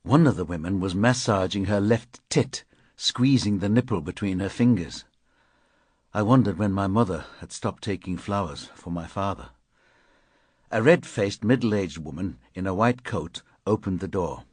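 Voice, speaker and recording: A man's voice: low-pitched, moderate pace, husky, no room sound. A man reading an audiobook in a terse, clipped first-person narration. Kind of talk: scripted narration.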